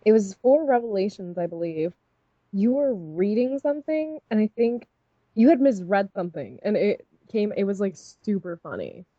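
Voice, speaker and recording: A woman's voice: medium pitch, big pitch swings, moderate pace, dry recording, highs cut off. A woman co-hosting a fanfic review, chatting casually in a giggly, rambling way full of "like". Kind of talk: casual chat.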